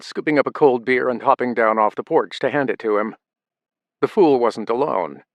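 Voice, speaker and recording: A man reading an audiobook in steady, measured narration. His voice sits at a middle pitch. The recording is dry, with no room sound. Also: no room sound. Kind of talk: scripted narration.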